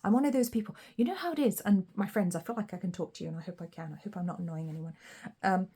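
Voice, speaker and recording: A woman with a posh English accent giving a casual spoken tarot reading, chatty and rambling with fillers and soft laughs. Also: fairly low pitch, quick pace, slightly rough. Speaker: tarot reader.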